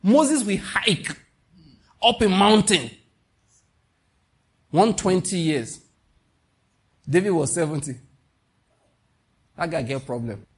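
A man's voice: sits high, expressive, takes it slowly, pauses often, slightly rough. A man with a Nigerian accent preaching a sermon with passion, slipping into pidgin asides. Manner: impassioned, mixing in pidgin asides.

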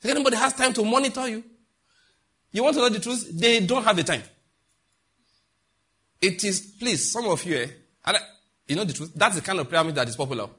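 A middle-aged man from Africa preaching a sermon as a pastor, emphatic and mocking, with sudden loud outbursts. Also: high voice, animated, a little fast, long pauses, slightly rough.

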